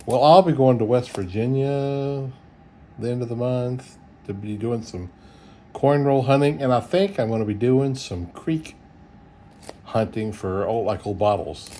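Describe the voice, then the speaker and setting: A man's voice: mid-range voice, measured pace, mellow, slight background noise. A middle-aged man, chatting casually and chuckling as he sorts coins on camera. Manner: chuckling, easygoing, folksy, thinks aloud. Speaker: coin roll hunter. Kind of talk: casual solo video commentary.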